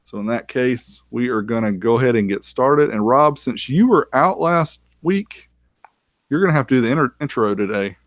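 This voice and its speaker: A man's voice: medium pitch, expressive, normal speed, dry recording. Man, co-host, upbeat, welcoming, casual live stream talk, dry close sound. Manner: upbeat, welcoming, moves the show along. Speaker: podcast co-host.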